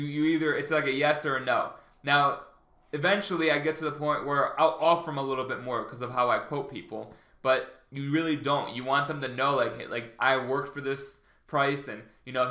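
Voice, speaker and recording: Man, casual vlogger, bright forceful tone, rambling delivery full of fillers and restarts, echoey room. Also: medium pitch. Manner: rambling, many fillers and restarts, acts out phone dialogue. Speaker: vlogger giving sales tips. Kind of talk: casual advice vlog.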